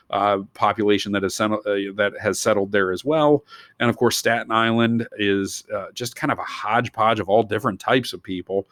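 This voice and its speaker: Low-voiced man giving a rambling history lecture. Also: a bit bright, no echo. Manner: rambling, digressive asides. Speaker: teacher.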